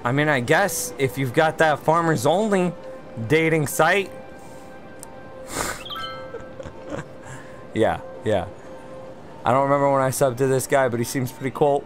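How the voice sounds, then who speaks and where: A man's voice: mid-range voice, measured pace, long pauses, faint music behind. Wry, chatty man streaming a game. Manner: chatty, wry, reads and answers viewer chat aloud. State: one beer in, slightly tipsy. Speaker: livestream gamer host. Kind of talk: casual livestream chat.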